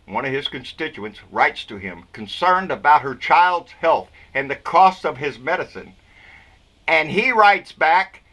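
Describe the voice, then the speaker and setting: A man's voice: on the high side, sing-song, a little slow, sharp tone. A man with a Texan accent delivering a blunt, folksy political rant full of cussing and indignation. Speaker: political vlogger.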